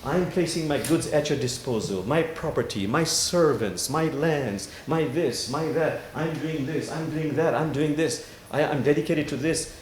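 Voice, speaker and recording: A man's voice: a little high, moderate pace, hardly any pauses, roomy sound, a little hiss or hum, natural voice. A man voicing a wealthy man who eagerly lists everything he is giving up, earnest and self-important. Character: wealthy man eagerly renouncing his riches.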